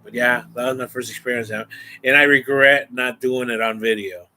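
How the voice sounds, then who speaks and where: A man vlogging, telling a rambling, animated story casually to the camera. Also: mid-range voice, moderate pace. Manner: rambling, animated, exaggerating for effect.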